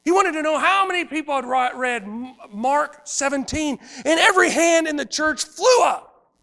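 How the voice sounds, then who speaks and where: A man preaching a sermon as pastor, swinging from loud emphatic lines to hushed quiet ones. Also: very high-pitched, expressive, normal speed, gravelly.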